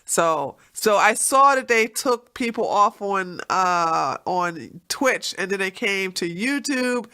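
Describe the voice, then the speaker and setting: A woman with a congested, allergy-stuffed nose talks to her stream audience in a loose, wandering way. Her voice is bright and pushed forward, and she breaks into easy laughter as she goes. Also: medium pitch, expressive, takes it slowly, hardly any pauses, clean tone. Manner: rambling, chatty, laughs often. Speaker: livestream host. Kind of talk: casual livestream chat.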